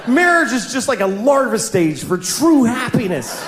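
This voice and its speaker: An American man performing stand-up with a wildly animated delivery, his pitch sitting a little high and leaping around as he builds each bit. He sounds some way off the mic in an echoing room, with a big audience and heavy noise all around. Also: moderate pace, hardly any pauses, crowd noise. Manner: animated, shouting punchlines in put-on voices. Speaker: stand-up comedian. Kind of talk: stand-up comedy set. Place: comedy stage before a live audience. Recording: roomy live venue recording from a distance. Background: audience laughter.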